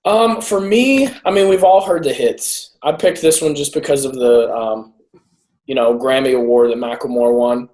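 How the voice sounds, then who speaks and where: A man's voice: medium pitch, moderate pace, a little mellow. A man co-hosting a podcast in casual chat, rambling through stories and laughing often. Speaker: podcast co-host; teacher. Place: lives in San Jose.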